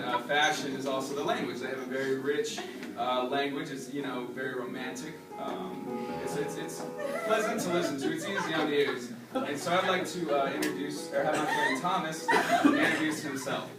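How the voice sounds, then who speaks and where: A man's voice: a little high, normal speed, over loud music. A young man giving a class presentation, playful and joking with the audience. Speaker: student presenter. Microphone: far camera. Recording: echoey classroom from far off.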